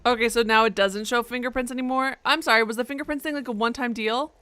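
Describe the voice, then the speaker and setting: A woman's voice: a little high, steady tone, quick pace, bright, forceful tone, smooth, no echo. A young woman doing let's play commentary, joking and swearing as she reacts to the game. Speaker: gaming streamer.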